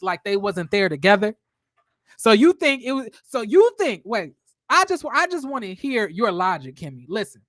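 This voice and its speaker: A woman giving a casual, gossipy recap of a reality show, talking bluntly and laughing often as she goes. Her voice sits at an ordinary middle pitch. The sound is close and dry, with no room echo. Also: a bit bright. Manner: chatty and blunt, with frequent laughter and cursing. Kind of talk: casual episode recap commentary.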